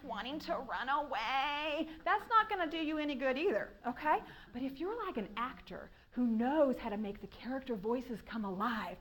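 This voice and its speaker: A woman giving a writing workshop talk to a room of listeners, animated and laughing often as she acts out questions. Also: on the high side. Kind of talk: conference talk. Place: room with an audience.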